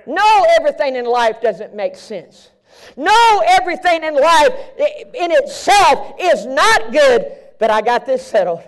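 High-voiced man preaching fervently. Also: big pitch swings, measured pace. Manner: swings from hushed near-whisper to shouting; fervent, repetitive preaching cadence. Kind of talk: sermon. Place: live preaching event.

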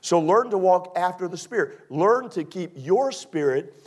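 A man from Maryland preaching from the pulpit. His fairly high voice stays loose and conversational, full of jokes, then swells with emphasis when he presses a point. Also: animated, a little slow, husky. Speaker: pastor. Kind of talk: sermon.

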